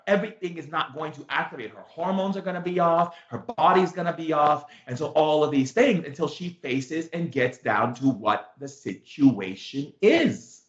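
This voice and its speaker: A man teaching through a story, animated and emphatic, repeating himself and leaning on fillers. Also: a little high, normal speed, few pauses. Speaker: spiritual teacher, show host. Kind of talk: storytelling lesson. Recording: echoey room, dull sound.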